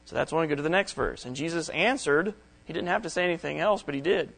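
A man's voice: a little high, fast, gravelly, fairly bright tone, rough recording. A middle-aged man preaching a Bible study sermon, reading verses aloud and explaining them plainly. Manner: reads scripture aloud, then explains it in plain words.

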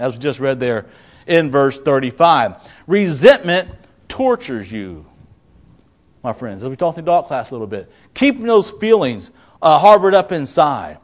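A man's voice: a little high, muffled recording. A man preaching a sermon as a pastor, who often asks his listeners rhetorical questions and acts out the people he quotes.

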